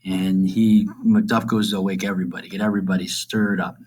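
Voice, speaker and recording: A man's voice: deep voice, flat delivery, a little fast, a little mellow, poor audio. A man teaching, summarizing a play for students in a casual, rambling way, full of fillers and asides.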